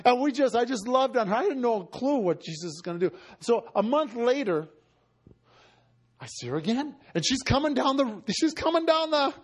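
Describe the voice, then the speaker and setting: A man preaching, telling a story in a conversational way and acting out the dialogue, shifting between loud and hushed. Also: very high voice, sing-song, moderate pace. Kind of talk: storytelling sermon.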